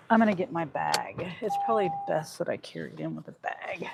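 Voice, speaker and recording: On the low side and gravelly, with huge pitch swings at a moderate pace, this woman drives deliveries while livestreaming, chatting casually and reading comments aloud. Her phone sits on the dash, picking up a noisy in-car recording.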